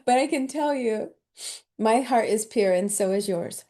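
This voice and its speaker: A woman's voice: mid-range voice, lively intonation, normal speed, a little mellow. A woman host telling a heartfelt personal story in an emotional, tearful way, often laughing as she talks.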